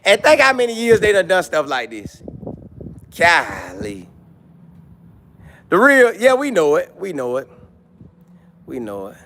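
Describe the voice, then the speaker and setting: Guy streaming football talk, high voice, jumps all over, keeps repeating himself. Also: a little slow, long pauses, a little hiss or hum. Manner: animated, jokey, repeats lines, mock voices. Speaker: sports commentary streamer reading chat. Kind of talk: casual live-stream chat.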